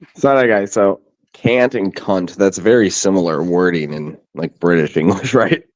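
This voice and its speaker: A man's voice: low voice, moderate pace, no echo, dull audio. A man from Minnesota, hosting a casual livestream chat, talking loosely and laughing easily. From Minnesota, USA. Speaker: host.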